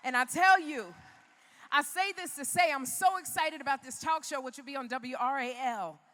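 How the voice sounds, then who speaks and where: A high-pitched woman from Chicago delivers a motivational keynote in a large arena at normal speed, her slightly bright voice trailing a long reverb. She tells her story emphatically, almost like a preacher.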